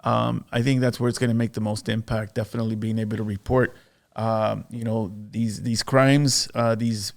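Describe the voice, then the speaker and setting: A man hosting a podcast who speaks in a steady, reflective way with frequent pauses and fillers. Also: on the low side, creaky. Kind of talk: casual discussion.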